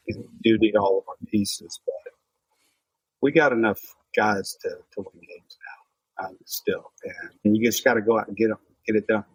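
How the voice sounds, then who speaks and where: A man hosting a podcast in casual sports chat, measured and reflective as he builds on the others' points. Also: lowish voice, slightly rough, no echo, rough recording. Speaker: podcast host.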